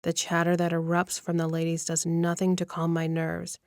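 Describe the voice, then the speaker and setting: Close to the microphone, a woman with a lowish voice reads a romance audiobook told in the first person. Her storytelling is even and measured, and the recording is dry.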